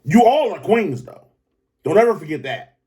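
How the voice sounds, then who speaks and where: A man hosting a podcast, talking in a loose, profane, animated commentary style that keeps jumping up into excited high pitches. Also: moderate pace. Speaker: podcast host. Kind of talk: casual commentary monologue.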